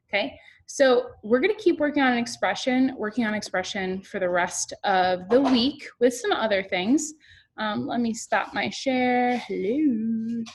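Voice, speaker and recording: A young woman with a mid-range voice teaches kindergartners in an online class, using an animated, expressive teacher voice.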